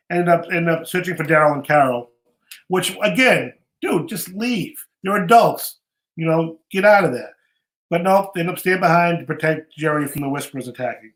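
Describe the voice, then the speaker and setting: A man's voice: a little high, normal speed, pauses often, a bit bright, echoey room. A man hosting a podcast, recapping a show in casual, rambling chat and often repeating himself. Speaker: podcast host.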